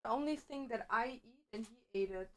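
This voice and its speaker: A woman's voice: a little high, moderate pace, noisy background. A young woman streamer chatting casually while she works, with melodramatic, self-pitying complaints. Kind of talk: casual livestream chat while working.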